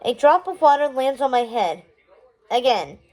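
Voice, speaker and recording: A woman reading a children's chapter book aloud in a steady, expressive storytelling manner. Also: high-pitched, moderate pace, poor audio. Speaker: storybook reader.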